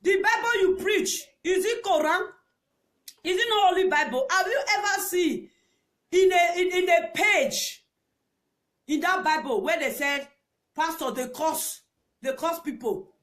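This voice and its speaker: In a very high voice with lively intonation, a Nigerian-accented woman delivers a heated, angry rant at a measured pace. She scolds, repeats her points over and over, and breaks into shouts and laughter.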